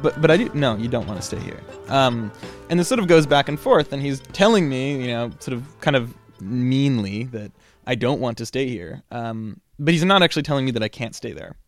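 Casual male storyteller over soft guitar. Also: medium pitch, lively intonation, normal speed. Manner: casual and chatty, with many fillers. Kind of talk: personal travel story told aloud.

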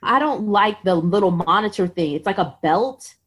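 A woman's voice: mid-range voice, moderate pace. A woman in her thirties telling a personal story as a podcast guest, acting out what others said and filling her speech with "like.". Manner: animated, acts out quotes, says "like" a lot. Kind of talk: casual storytelling.

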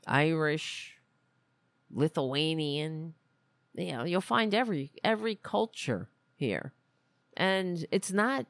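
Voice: mid-range voice, creaky, dry recording. A podcast host giving blunt, rambling political commentary, full of restarts. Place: lives in Queens, New York.

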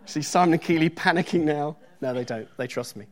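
A middle-aged man with a voice on the high side preaches briskly in a church, talking conversationally, tossing in joking asides and reading scripture aloud with emphasis.

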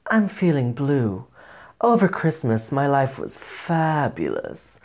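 A hungover man putting on a slow, drawn-out impression of a female pop superstar diva reading out a letter. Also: mid-range voice, wildly swooping pitch, a little mellow, exaggerated voice. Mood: diva drawl.

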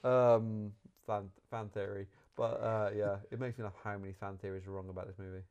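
A man's voice: fairly low pitch, a little fast, smooth, muffled recording. A man, chatting casually about a film as a podcast host, rambling and restarting his sentences. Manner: rambling, animated, self-correcting. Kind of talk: casual movie review chat.

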